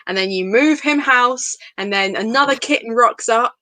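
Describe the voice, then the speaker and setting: A young woman hosts a relaxed livestream chat. Her voice is bright and a touch high, and she teases her friends between easy laughs. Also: moderate pace. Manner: chatty, teasing, laughs a lot. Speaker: livestream host. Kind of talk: casual chat.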